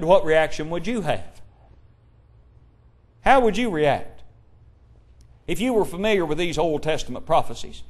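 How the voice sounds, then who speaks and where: Man, sermon, rhetorical questions, booming then hushed, rather high voice. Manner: rhetorical questions, swings from loud emphasis to hushed tones; King James scripture quotations. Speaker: preacher.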